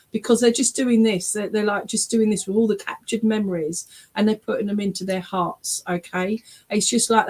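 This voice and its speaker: An English woman, a spiritualist medium, giving readings at an online church service from her webcam, often checking in with "all right?" and "okay?". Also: medium pitch. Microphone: webcam on a video stream.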